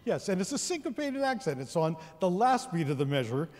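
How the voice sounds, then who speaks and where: Lively high-voiced man presenting in a theater. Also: a little fast, over loud music. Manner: leads the audience in counting and singing rhythms. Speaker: concert presenter. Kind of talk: educational concert talk to an audience. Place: large theater with an orchestra. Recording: long reverb of a large theater hall.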